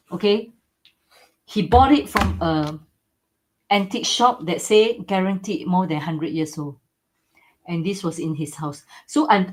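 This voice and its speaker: Enthusiastic woman selling antiques on a live stream. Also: medium pitch. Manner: enthusiastic, repeats "okay?" and "right?", non-native grammar. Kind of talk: live-stream sales chat.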